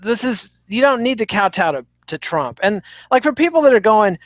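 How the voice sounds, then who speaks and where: High-voiced ranting man, dry. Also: sing-song, a little fast, no echo. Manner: emphatic, ranting. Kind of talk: opinionated podcast chat.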